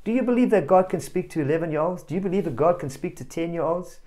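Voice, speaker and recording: A male preacher giving a family sermon, telling a story with animated energy and calling out directly to children and parents. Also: sits high, fast talker. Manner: animated storyteller, rising to loud exclamations.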